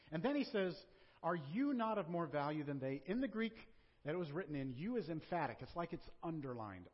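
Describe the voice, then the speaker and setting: Lively conversational preaching man in a hall. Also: a little high, a little fast. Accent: Southern American. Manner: conversational preaching with rhetorical questions. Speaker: pastor. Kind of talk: sermon. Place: church sanctuary. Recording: dull sound with long hall reverb.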